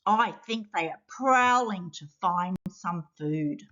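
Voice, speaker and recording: A woman voicing a curious little snot creature that talks in an excited, wondering storybook voice. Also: lowish voice, slow pace, exaggerated voice. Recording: dull lo-fi sound.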